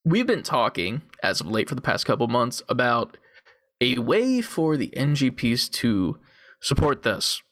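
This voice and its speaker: A young man with a middle-pitched voice chats casually on his podcast, loose and profane, leaning on "like" between thoughts. He speaks close into a desktop USB condenser mic. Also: very animated, unhurried, fairly bright tone. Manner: laid-back, profane, full of "like" fillers. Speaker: podcast co-host. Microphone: desktop USB condenser mic on a call.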